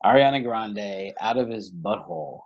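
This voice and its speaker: A man's voice: fairly low pitch, lively intonation, moderate pace, husky. A man co-hosting a casual comedy chat, telling a family story in a laid-back way with chuckles. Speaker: podcast co-host. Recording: dull lo-fi sound.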